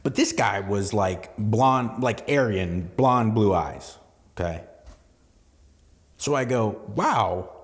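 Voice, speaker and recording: A man's voice: fairly low pitch, slow, pauses often, long reverb tail. A man from southern California hosting a podcast, talking in a loose, rambling solo monologue with lots of restarts and cursing. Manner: rambling, profane, full of restarts and asides. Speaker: podcast host.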